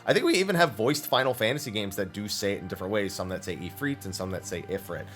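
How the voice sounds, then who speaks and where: A man's voice: lowish voice, animated, very fast, a bit bright, faint music behind. A man hosting a weekly Q&A show, answering viewer questions in an enthusiastic, explanatory way, with long run-on thoughts. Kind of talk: casual Q&A explanation.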